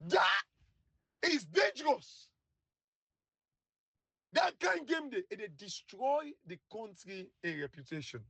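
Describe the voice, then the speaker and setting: A man's voice: high-pitched, big pitch swings, takes it slowly, vocal fry, pauses often, sharp tone, husky, no echo. A man with a Sierra Leonean Krio accent giving heated, scornful political commentary that repeats itself. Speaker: online commentator.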